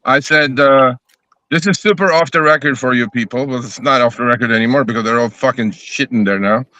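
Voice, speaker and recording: Man for a casual live chat: bright voice, swears a lot, acts out both sides of his stories. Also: mid-range voice, fairly quick, no echo. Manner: profane, animated storytelling, acting out both sides of conversations.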